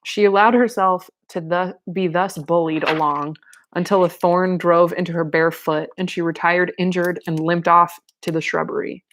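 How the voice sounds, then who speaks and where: A woman's voice: fairly low pitch, fairly even intonation, moderate pace, a bit bright, a little hiss or hum. A young woman reading a book aloud and breaking off into casual, laughing commentary and exclamations. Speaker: reader and commentator.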